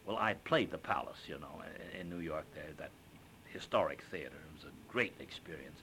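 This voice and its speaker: An older man and stage actor, recounting an anecdote in an interview as an animated storyteller who acts out quotes with frequent fillers. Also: rumbling low, a little fast, slight background noise.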